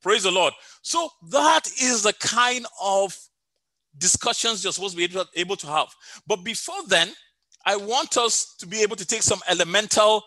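Bright high-voiced man preaching. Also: dry recording. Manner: storytelling preacher with many fillers and repeated phrases. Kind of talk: sermon over an online call.

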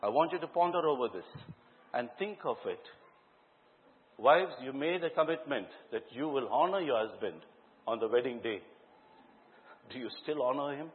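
A man preaching a sermon to a congregation, asking them questions and telling lively stories from his own life. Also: medium pitch, normal speed, pauses often. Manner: questions the congregation directly and tells lively anecdotes. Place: church hall before a congregation. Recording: echoey hall, tinny phone-like sound.

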